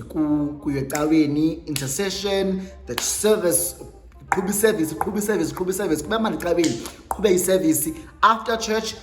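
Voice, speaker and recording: Young South African woman vlogger, animated storyteller who voices other people's lines; echoey room, faint music under her. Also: low-pitched. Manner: dramatic storyteller, mixes Xhosa and English, acts out quotes. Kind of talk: storytime monologue.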